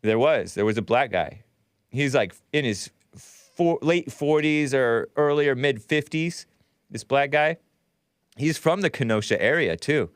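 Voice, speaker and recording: A man's voice: medium pitch, lively intonation, unhurried, dry recording, studio quality. A middle-aged man hosting a talk show, rambling sardonically and laughing at his own jokes. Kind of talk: solo political talk show monologue.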